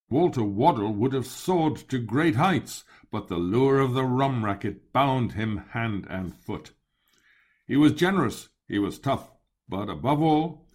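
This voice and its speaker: A man narrating a first-person memoir in a measured, descriptive storytelling manner. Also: mid-range voice.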